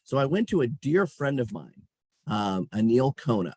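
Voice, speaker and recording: In an easygoing interview, a middle-aged chief executive recounts his career as lively stories, chuckling along the way. His medium-pitched voice is husky and a touch breathy, his pace moderate, and the close recording carries no room sound at all.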